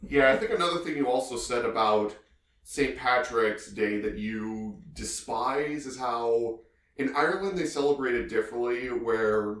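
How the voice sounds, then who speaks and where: A man's voice: medium pitch, measured pace, fairly bright tone, echoey room. A man co-hosting a podcast, telling stories in a rambling, casual way full of filler phrases. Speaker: podcast co-host.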